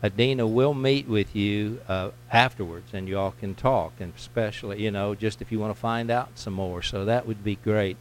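A man leading a church service, making announcements and introducing a guest speaker in a relaxed, jokey way. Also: on the low side, a little fast, hardly any pauses, a little hiss or hum. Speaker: pastor.

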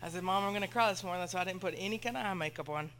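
A woman's voice: on the low side, very fast, background noise. A woman, a missionary sharing a nervous, chatty testimony in church. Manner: nervous, chatty, laughs often. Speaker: missionary speaking to the congregation. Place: church sanctuary.

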